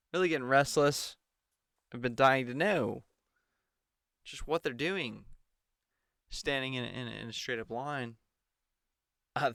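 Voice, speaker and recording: Man, mocking commentator, slow drawl, smooth crisp voice. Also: mid-range voice, fairly bright tone, dry recording, clean studio sound. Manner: mocking, mimics the anchors in exaggerated voices. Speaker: political commentator. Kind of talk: sarcastic solo commentary.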